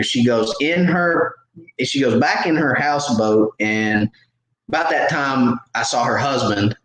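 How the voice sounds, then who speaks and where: A man hosting a live Q&A, telling a story in an animated, self-mocking, casual way. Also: medium pitch, moderate pace, roomy sound, rough recording. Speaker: host.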